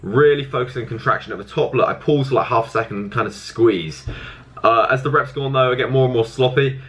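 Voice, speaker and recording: A man's voice: mid-range voice, fast, a bit bright. A young man casually explaining his arm workout in a gym, coaching and swearing freely. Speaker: fitness vlogger.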